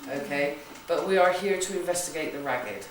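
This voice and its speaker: A woman's voice: deep voice, normal speed, slight background noise. A woman with a West Country accent hosting a ghost hunt as a psychic, briefing a group in a chatty, jokey way and checking in with "okay?". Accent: West Country English. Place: large echoey room in an old building. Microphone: camera from a distance. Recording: echoey room recorded from far off.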